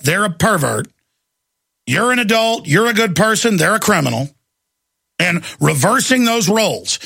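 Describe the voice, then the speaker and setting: A man hosting a talk show, delivering a heated, ranting monologue with bursts of shouting. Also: high-pitched, vocal fry, slightly rough, no echo.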